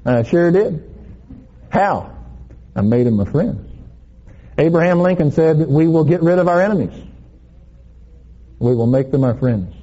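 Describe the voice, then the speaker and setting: A man preaching a sermon, telling a playful story with laughs in an animated way. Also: a little high, unhurried, long pauses, dull audio.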